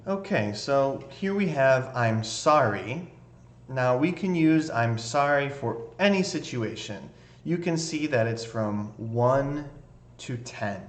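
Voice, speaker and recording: A man's voice: medium pitch, animated, slow. A man teaching an English lesson, explaining patiently and often checking in with the learners by asking "okay?". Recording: echoey room.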